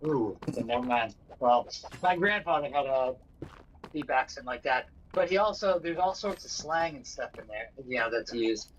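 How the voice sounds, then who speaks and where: A man's voice: medium pitch, animated, moderate pace. A man from New England chatting casually on a gaming livestream, rambling with lots of fillers and restarts. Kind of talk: casual chat. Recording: dull lo-fi mic with faint noise.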